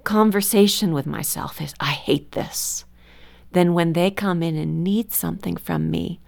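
A woman's voice: lowish voice, normal speed, creaky, darkish tone. A middle-aged woman, a guest author on parenting, telling candid stories from family life in a conversational radio interview. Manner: candid, storytelling, confessional.

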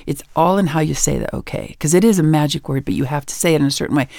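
A woman's voice: deep voice, fast, gravelly, darkish tone, no echo, clean studio sound. A woman author being interviewed on a radio show, telling stories emphatically and with self-assurance. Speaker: guest author and educator.

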